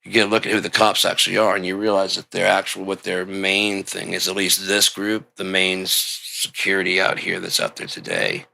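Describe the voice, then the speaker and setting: Gravelly, swearing man on a rambling rant. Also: sits low, fairly quick, few pauses. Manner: rambling, swearing constantly, loud outbursts. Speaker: show host. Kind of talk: profane rambling monologue.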